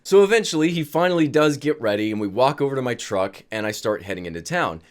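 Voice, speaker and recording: A man's voice: mid-range voice, lively intonation, fast. A man telling a funny personal story in a casual vlog, laughing as he goes. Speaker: vlogger.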